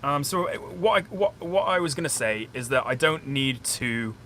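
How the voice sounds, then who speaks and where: In a curtained room at home, with faint boiler noise behind him, a South Yorkshire man from a small town outside Sheffield, England, plays a solo board game on a live stream. His voice is a little high, sharp and animated at a moderate pace. He chats and rambles to viewers, explaining the rules and thinking out loud.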